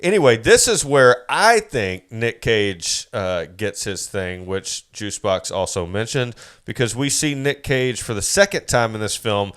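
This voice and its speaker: Smooth-voiced man recapping a movie. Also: lowish voice, expressive, unhurried, hardly any pauses, a bit bright. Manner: rambling recap with profanity. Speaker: podcast co-host. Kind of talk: casual movie-review chat.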